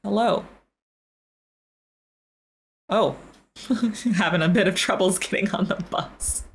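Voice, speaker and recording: A woman's voice: mid-range voice, slow, a little hiss or hum. Nervous woman narrating a horror game. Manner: reacts nervously aloud, talks to characters. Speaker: gaming channel host. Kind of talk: let's play commentary. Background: game music.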